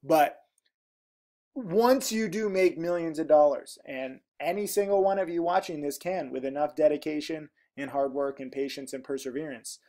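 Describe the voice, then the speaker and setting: A man's voice: a little high, darkish tone. A man hosting his channel, chatting casually and reading viewer comments aloud, rambling with frequent ums and asides. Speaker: trading educator, channel host.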